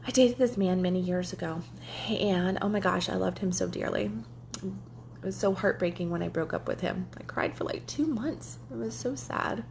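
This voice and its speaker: A woman coach talks straight to her audience in a candid, chatty way, now and then dropping a swear word. Her voice carries a gravelly, creaky texture at a middle pitch, with a faint hum under the recording. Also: normal speed. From German heritage. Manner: chatty, candid, swears casually, acts out quotes. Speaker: life coach. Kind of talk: casual livestream talk to viewers.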